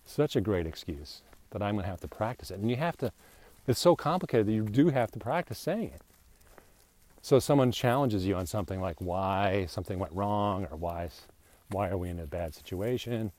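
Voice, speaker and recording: A man's voice: lowish voice, lively intonation, a little fast, a little mellow, dry recording. A man hosting a podcast, rambling in a joking, self-mocking way while walking outdoors. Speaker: podcast host. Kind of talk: casual rambling monologue. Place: outdoors, walking near a new bridge.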